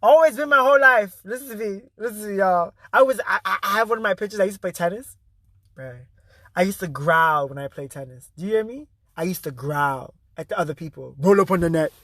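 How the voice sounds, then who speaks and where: Intense, high, bright-voiced male motivator. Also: quick pace, dry recording. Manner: intense, emphatic and profane, repeating key phrases. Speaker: spiritual motivational speaker. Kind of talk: motivational vlog monologue.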